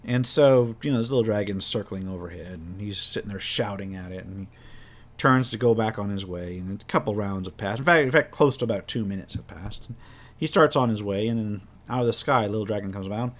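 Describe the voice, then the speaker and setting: A man's voice: fairly low pitch, normal speed. Rambling man telling a game story. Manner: rambling, self-correcting, lots of restarts. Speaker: game master. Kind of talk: casual storytelling about a tabletop game.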